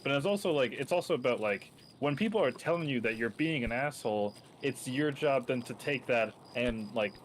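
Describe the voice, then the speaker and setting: A man's voice: medium pitch, expressive, brisk, hardly any pauses, a little hiss or hum, poor audio. A man in casual chat, talking in a reflective, rambling way, filling his speech with "like" and "um".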